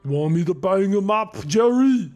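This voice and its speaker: A man's voice: sits high, expressive, moderate pace, a little mellow, soft background music, pitched above the performer's own voice. Guy putting on a big dumb street thug voice, lazy drawl. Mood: menacing. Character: big vacant-looking male street thug.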